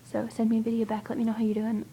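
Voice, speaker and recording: Whispering young woman with a gravelly tone. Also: a little high, monotone, racing, mellow, a little hiss or hum, low-quality recording. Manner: whispering, rambling, hesitant. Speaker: vlogger. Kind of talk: casual whispered video chat to a friend.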